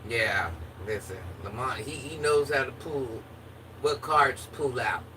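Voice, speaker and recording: A woman's voice: a bass voice, unhurried, fairly bright tone. A woman chatting casually with her viewers in a playful, joking manner. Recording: distant mic with faint background noise.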